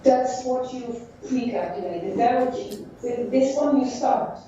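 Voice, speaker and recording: Slow-spoken woman teacher in an echoey classroom. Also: on the high side, dark tone, slight background noise. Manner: halting, thinks aloud while drawing on a board. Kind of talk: classroom lecture. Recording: echoey dull room sound from far off.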